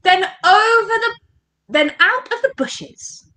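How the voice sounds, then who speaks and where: A woman's voice: extremely high pitch, takes it slowly, pushed and bright. A woman with an English accent leading an interactive storybook reading for children, coaxing them to join in. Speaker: education workshop leader. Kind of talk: interactive read-aloud for children. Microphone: home recording for online workshop.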